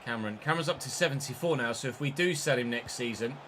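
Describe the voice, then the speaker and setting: Bright-voiced excitable male gamer. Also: medium pitch, quick pace, a little hiss or hum. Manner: excitable, sweary running commentary. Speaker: gaming streamer. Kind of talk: live gameplay commentary.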